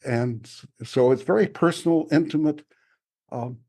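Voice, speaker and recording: A man, an author, talking in a relaxed podcast conversation, reflective and often chuckling as he restarts his sentences. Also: on the high side, moderate pace. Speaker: author discussing his spiritual experiences. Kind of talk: casual conversational podcast talk.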